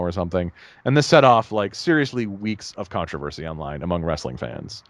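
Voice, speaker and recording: A man co-hosting a podcast, chatting casually in a rambling, animated way and laughing at his own jokes. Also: fairly low pitch, moderate pace, no echo. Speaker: podcast co-host. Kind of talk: casual chat.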